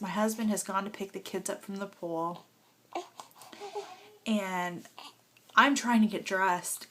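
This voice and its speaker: A young woman recounting her birth story in a casual home video, her voice sitting at an ordinary middle pitch for a woman. She rambles with plenty of fillers and gets tearful and emotional along the way, holding her baby as she talks. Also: fairly bright tone, a little hiss or hum. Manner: holding a nursing baby while talking.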